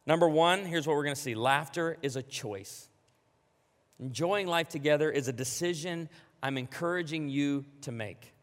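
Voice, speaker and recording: A man preaching a sermon to a congregation, animated and emphatic, joking along the way. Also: a little high, moderate pace, in a large hall. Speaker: pastor.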